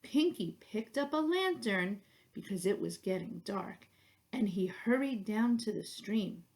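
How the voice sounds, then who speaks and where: A woman reading a children's picture book aloud in a slow, expressive way. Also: medium pitch. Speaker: storyteller.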